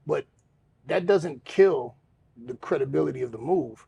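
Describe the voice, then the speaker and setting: Warm in tone and a little slow, the man's fairly high, gravelly voice is expressive, with slight background noise. He co-hosts a podcast, chatting frankly and profanely with a self-deprecating bent.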